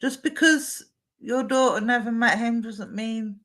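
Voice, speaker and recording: A woman's voice: fairly high pitch, measured pace, a bit bright. A woman, giving chatty live psychic readings on a stream and relaying messages to a sitter.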